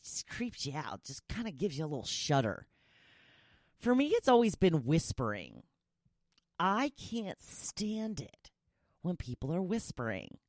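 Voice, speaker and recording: Woman podcaster chatting away, pitch bouncing all over, dry close sound. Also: no room sound. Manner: chatty, opinionated, playful. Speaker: podcast host. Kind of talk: casual solo chat reading listener replies.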